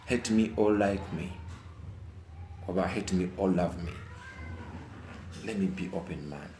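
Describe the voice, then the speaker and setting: With faint music behind him, a Ugandan man speaks at a measured pace in a mellow voice, delivering a casual opinion monologue in an echoey room. Repetition drives his points home as he veers from brooding lows to heated outbursts.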